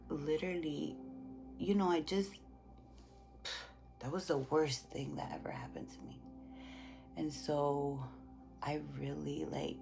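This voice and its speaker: A young woman vlogger in a casual get-ready-with-me chat, talking in a soft, halting, emotional way with many restarts. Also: sits low, vocal fry. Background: background music.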